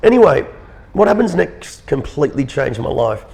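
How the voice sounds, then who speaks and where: An Australian man in his thirties, an interview guest telling a personal story in an earnest, halting way, often repeating words. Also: on the high side, sing-song, gravelly, a little mellow.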